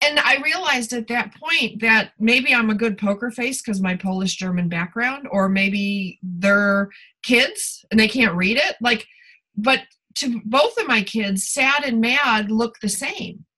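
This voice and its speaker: A woman's voice: a little high, animated, measured pace, rough recording. A middle-aged woman in casual conversation, telling personal stories candidly in a confiding way. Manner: candid storytelling, warm confiding tone.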